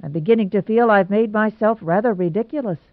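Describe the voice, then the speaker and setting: A woman's voice: mid-range voice, brisk, no echo, pitched above the performer's own voice, close to an everyday voice. A woman voicing Jarvis, a gloomy lovesick young man. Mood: earnest. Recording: tinny phone-like sound, dry.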